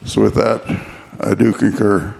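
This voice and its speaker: A man, a state representative, explaining a bill on the floor in a halting way. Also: lowish voice, flat delivery, vocal fry, darkish tone, slight background noise. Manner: halting, with fillers and restarts.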